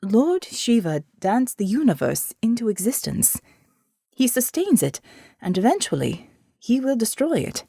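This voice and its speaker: A woman voicing a polite young man with a faint Indian accent, a calm and reflective research scientist in an audiobook. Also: fairly high pitch, unhurried, gravelly, breathy edge, no room sound, clean studio sound, heavily acted. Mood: earnest. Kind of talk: audiobook character voice.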